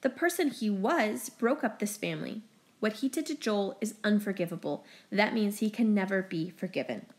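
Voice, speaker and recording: A woman's voice: mid-range voice, expressive, normal speed, natural voice. A woman voicing a furious, protective middle-aged mother in an audiobook, speaking in a clipped, scolding way. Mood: bitter.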